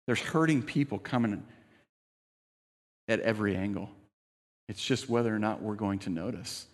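A middle-aged man preaching and telling a personal story in a relaxed, conversational way. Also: fairly low pitch, normal speed, big-room sound. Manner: conversational storytelling, animated quoted voices. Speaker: pastor.

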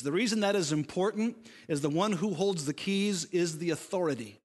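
A man's voice: sits high, fairly quick, few pauses, big-room sound. A male pastor preaching a sermon, emphatic and full of rhetorical questions.

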